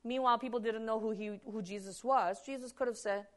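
A woman preaching a sermon with a fairly high voice. Her delivery is animated and emphatic, with frequent restarts. She acts out quotes as she explains. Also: a little fast, hardly any pauses.

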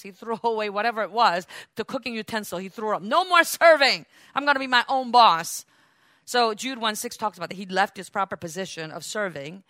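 A woman teaching a Bible lesson in an animated preaching style, asking her listeners questions as she goes. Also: mid-range voice, no room sound, clean studio sound.

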